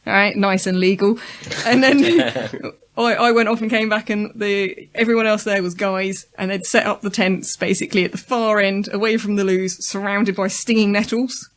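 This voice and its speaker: A woman's voice: medium pitch, steady tone, normal speed. A woman, co-hosting a podcast, telling a frank, wry story in casual chat. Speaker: podcast co-host.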